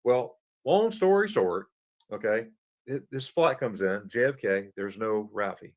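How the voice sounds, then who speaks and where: Animated man telling a travel story. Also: fairly low pitch, measured pace. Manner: animated, acts out dialogue, stumbles and repeats words. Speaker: podcast guest. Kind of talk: casual anecdote telling.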